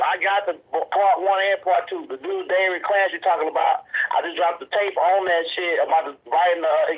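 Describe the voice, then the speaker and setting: Slangy man rambling over the phone. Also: on the high side. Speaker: caller, group elder. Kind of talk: casual phone talk. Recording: tinny phone line.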